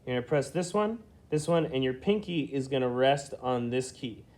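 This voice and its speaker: Giving a beginner flute lesson, a man with a medium-pitched, darkish voice and lively intonation explains hand positions one step at a time. He stays patient, goes slowly, and keeps asking "okay?".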